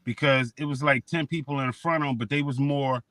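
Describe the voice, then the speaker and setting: A man's voice: mid-range voice, fairly even intonation, fairly quick, fairly bright tone, no echo. A man in a casual radio show chat, telling a story in a slangy way.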